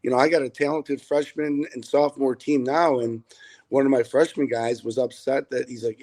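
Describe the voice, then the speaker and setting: Earnest rambling football coach, middle-aged. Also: male voice, medium pitch, steady tone, fairly quick, a little mellow, low-quality recording. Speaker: high school football head coach. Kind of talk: remote interview answers.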